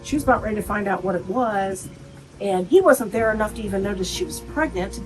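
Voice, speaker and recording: A middle-aged woman whose child was murdered speaks plainly in an interview, a little fast and at medium pitch, with music beneath and poor audio. She recounts family conversations, quoting what each person said.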